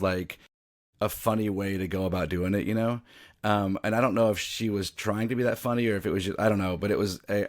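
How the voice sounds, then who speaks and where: A man's voice: sits low, a little mellow, dry recording, studio quality. A man from the American South, an actor talking casually as a podcast guest, rambling with many restarts and a mostly neutral American accent. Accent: neutral American, faint Southern. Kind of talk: casual interview chat.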